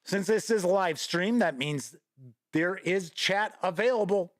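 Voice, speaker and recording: A man's voice: high voice, measured pace, no room sound, clean studio sound. A man hosting a live-streamed gaming news show, chatty and folksy, greeting viewers by name and reading out news. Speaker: host.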